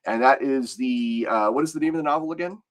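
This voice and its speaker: A man's voice: mid-range voice, fast. A man co-hosting a podcast, explaining lore at length and thinking aloud in casual talk. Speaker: podcast co-host.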